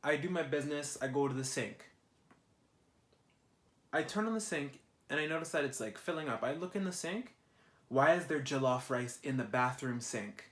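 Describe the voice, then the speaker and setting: A young man tells a vlog rant at an animated, exasperated pitch, cursing freely. His voice sits at a medium pitch. The room around him rings with a noticeable echo. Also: moderate pace. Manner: animated, exasperated, heavy swearing. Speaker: vlogger. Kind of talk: ranting vlog monologue. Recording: roomy echo.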